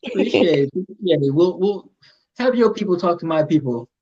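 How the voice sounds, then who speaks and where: A man's voice: high-pitched, animated, brisk, mellow, dull audio. A man hosting a casual interview show, playful and joking, often repeating his words. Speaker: host.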